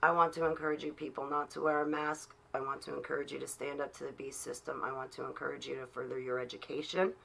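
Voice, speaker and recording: A woman's voice: extremely low pitch, level tone, fast, gravelly, hardly any pauses, a bit bright, slightly rough. A woman talking on her own livestream, preaching in an earnest, rambling way with many fillers. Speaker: livestreaming vlogger.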